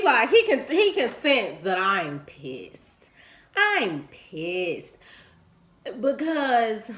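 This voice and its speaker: A woman, telling a candid personal story to her viewers and acting out what people said. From Chicago, US. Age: 20s. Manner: animated and frank, acting out quoted lines in swooping pitch.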